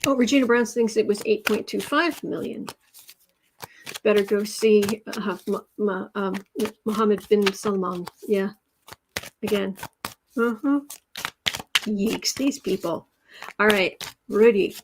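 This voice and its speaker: A woman's voice: mid-range voice, fairly even intonation, a little slow, gravelly, pauses often, background noise. An American woman hosting a tarot livestream, chatting casually and sarcastically while reading out viewer comments. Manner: chatty, sarcastic, mocking asides. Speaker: tarot reader livestream host.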